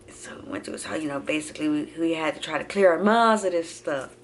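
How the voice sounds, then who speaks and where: A young woman telling a personal story to her viewers in a casual, animated way, acting out each quote. Her voice sits a bit low, and a faint noise hangs behind her. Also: fairly quick, few pauses. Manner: animated, acts out quotes, addresses viewers as y'all. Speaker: vlogger.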